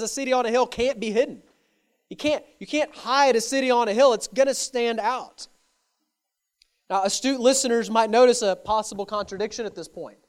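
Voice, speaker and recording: A male pastor preaching a sermon earnestly, repeating key phrases for emphasis. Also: sits high.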